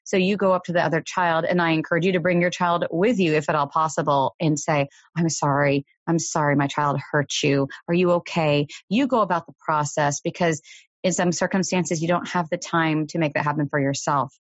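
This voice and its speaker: A woman hosting a parenting podcast, explaining advice in a calm, measured way. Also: sits low, no room sound, muffled recording. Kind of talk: advice talk.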